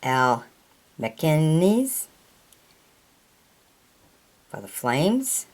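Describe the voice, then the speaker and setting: Reading her trading cards aloud one at a time, a woman who collects hockey cards names every player and team at a very slow, relaxed pace. Her low, slightly mellow voice swings widely in pitch, and tricky names come out hesitantly, occasionally with a stumble.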